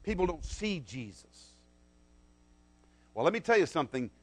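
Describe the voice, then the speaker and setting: A man preaching a sermon, dramatic and swinging between loud declarations and soft, low asides. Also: big pitch swings, normal speed.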